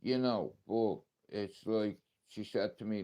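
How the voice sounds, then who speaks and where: A man's voice: lowish voice, a little slow, hardly any pauses, mellow. A man with an Irish accent talking casually on a live stream, blunt and emotional, swearing often as he tells a story. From Ireland. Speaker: livestreamer.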